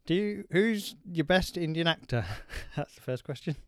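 Lively, laughing man hosting a quiz. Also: on the high side, normal speed, no room sound, clean studio sound. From England. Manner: playful, laughs often, animated. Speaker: podcast co-host running a quiz. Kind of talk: casual banter.

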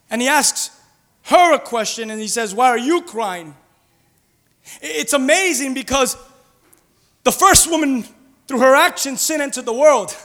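Pastor guy preaching, really high bright voice, goes quiet then loud, church hall echo. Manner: swings from hushed and low to loud and urgent. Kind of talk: sermon. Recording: hall reverb.

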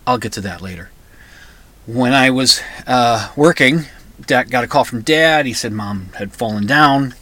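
A middle-aged man hosting a podcast, telling a personal family story in a halting way with many restarts. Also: mid-range voice, pushed and bright. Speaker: podcast host. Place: comic book store.

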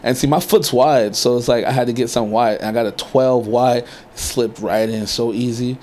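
A man's voice: mid-range voice, fairly even intonation, moderate pace, a little mellow. A man from California telling a rambling, laid-back story in casual chat, swearing freely.

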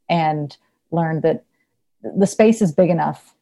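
A woman with a fairly low, mellow and relaxed voice talks as a therapist in a casual interview. She is chatty, laughs easily and fills her sentences with "like" and "you know." Her tone stays loose and unhurried. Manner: chatty, laughs often, many fillers. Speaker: therapist, podcast guest.

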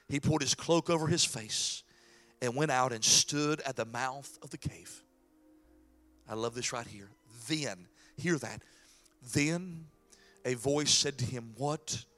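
A man preaching a sermon as pastor, dropping to whispers and rising to shouts. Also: medium pitch. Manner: dramatic swings from hushed whispers to shouting.

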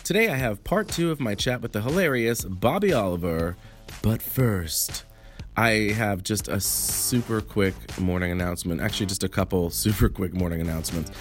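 A man with a very low, raspy voice, hoarse from allergies, hosting a podcast. He rambles through quick announcements, poking fun at himself as he goes. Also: soft background music. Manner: rambling, self-mocking, quick asides. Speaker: podcast host.

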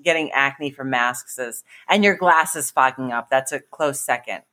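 A woman's voice: a bass voice, unhurried, pushed and bright. A woman co-hosting a podcast in casual chat, tossing in teasing quips. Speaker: podcast co-host.

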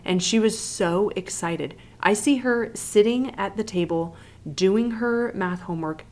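A woman in her thirties co-hosting a podcast, telling stories in a chatty, animated way. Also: medium pitch, unhurried. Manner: chatty, animated storytelling with laughs. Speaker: podcast co-host. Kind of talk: casual chat.

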